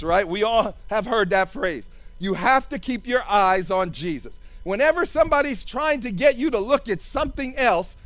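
A man's voice: high voice, fairly bright tone, dry recording. A man preaching a sermon with fervent, sing-song delivery and repeated hallelujahs.

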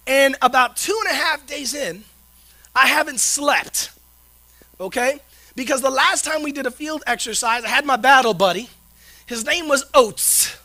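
High, bright-voiced male preacher telling stories. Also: normal speed. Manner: conversational, animated storytelling with frequent "right?". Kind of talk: sermon with personal stories.

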